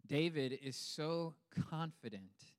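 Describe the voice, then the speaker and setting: A male pastor delivering a lively sermon with humor, building up for emphasis and then dropping low and quiet. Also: slow pace. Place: church hall. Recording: long hall reverb.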